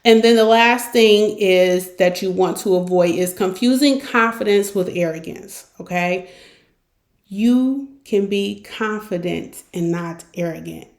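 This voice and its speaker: Medium-pitched and measured in pace, a woman delivers a coaching monologue on her podcast, where she works as host and consultant. She is direct and encouraging, acts out examples, and the audio sounds roomy and echoey.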